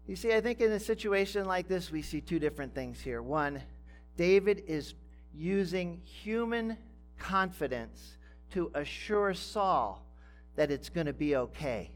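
A man preaching a sermon as pastor, speaking deliberately and building to emphatic, rising phrases. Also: on the high side, animated, soft background music.

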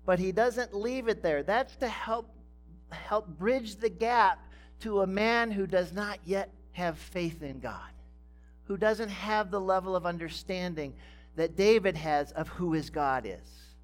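A male pastor delivering a sermon at an unhurried, measured pace, his voice sitting a little high for a man. He lingers on phrases and lifts them with emphasis as he drives a point home. Soft guitar plays faintly behind him. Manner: slow and deliberate, with emphatic rising phrases.

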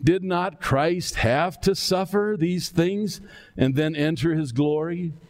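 Preaching reflectively, an older male pastor sometimes voices what he imagines the figures in scripture would have said. His voice is a little high, gravelly, and darkish.

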